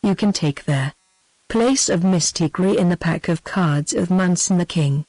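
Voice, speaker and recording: A synthetic British woman's voice reading the part of an angry, red-faced male card player, in an even text-to-speech delivery. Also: on the low side, unhurried, dry recording, poor audio. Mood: threatening. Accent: British English.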